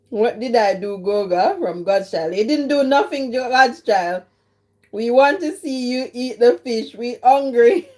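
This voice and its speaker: A woman's voice: fairly high pitch, animated, takes it slowly, pauses often, darkish tone. A Jamaican-British woman hosting a casual live stream, teasing her chat and laughing often while she eats. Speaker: livestream host.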